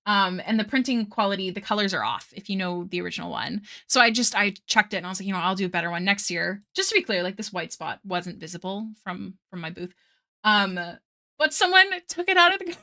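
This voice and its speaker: A woman's voice: medium pitch, pushed and bright. A young woman streaming her art, chatting casually and rambling with frequent laughs while reading chat aloud.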